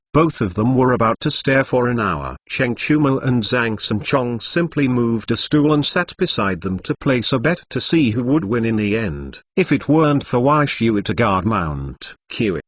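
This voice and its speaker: A man's voice: medium pitch, fairly bright tone, no room sound. Stilted male novel narrator, dry sound. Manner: uneven, stilted phrasing with odd pauses. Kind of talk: machine-read novel narration.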